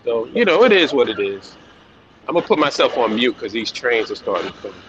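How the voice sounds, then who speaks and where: A man's voice: medium pitch, sing-song, brisk. A man on a call from near train tracks, speaking bitterly and sarcastically with rhetorical questions. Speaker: podcast co-host on a call. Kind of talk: casual podcast discussion. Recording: dull noisy call with trains.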